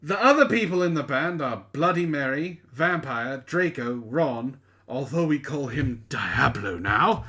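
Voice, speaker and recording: A man's voice: medium pitch, animated, measured pace, hardly any pauses, bright, forceful tone. A man reading a story aloud for laughs, with sarcastic asides between lines. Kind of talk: mocking comedic dramatic reading.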